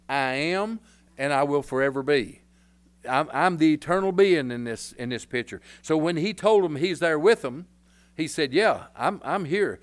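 An older man with a drawl delivers a rambling, folksy sermon. His voice sits high for a man, and he swings from quiet asides to loud hollers. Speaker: pastor.

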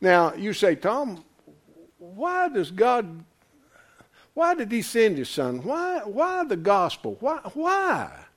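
An older man preaching a folksy, emphatic sermon, swinging from loud to quiet. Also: high voice, wildly swooping pitch, slow pace. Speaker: pastor.

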